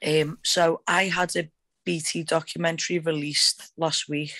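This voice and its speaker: A woman fighter on a radio talk show, telling her stories in a rambling, animated way with lots of fillers. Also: deep voice, measured pace, no echo. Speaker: MMA fighter guest. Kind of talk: excited casual storytelling.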